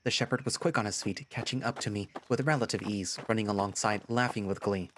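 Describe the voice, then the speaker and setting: A man narrating a first-person story in a lively storytelling manner. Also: on the low side, fast, slight background noise. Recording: music playing behind.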